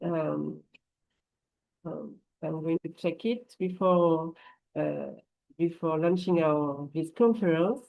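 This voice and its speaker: A woman's voice: low-pitched, takes it slowly, creaky, narrow, tinny audio. A French woman with a French accent presenting her translation company at an online conference, hesitating often with many fillers and restarts. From France. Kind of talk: live online conference talk. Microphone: computer microphone.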